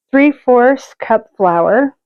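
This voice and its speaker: A woman hosts a homey cooking vlog in a rather high voice. She talks slowly and chattily, drifting into rambling side stories. The recording sounds a bit dull and lo-fi. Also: clean tone. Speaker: cooking show host.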